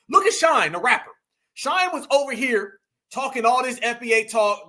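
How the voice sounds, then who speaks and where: Male commentary host, high and bright, mocking, emphatic rant. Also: lively intonation, a little fast. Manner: mocking, preachy, emphatic with asides to viewers. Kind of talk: heated commentary monologue.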